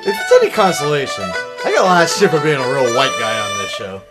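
A man's voice: medium pitch, fast talker, over loud music. A man co-hosting a podcast, joking around and slipping into silly put-on voices. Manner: animated jokester, puts on voices. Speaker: podcast co-host. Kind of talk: casual podcast banter.

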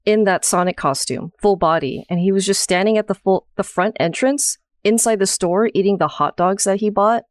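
A female podcast co-host with a mid-pitched voice. She tells stories in casual, broken-up fragments. The sound is dry and close. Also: normal speed, few pauses, no room sound. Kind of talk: casual roundtable podcast chat.

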